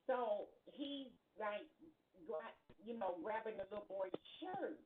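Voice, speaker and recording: A woman hosting a casual livestream podcast, talking straight to her viewers in an animated, exclaiming way. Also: mid-range voice, slow, narrow, tinny audio.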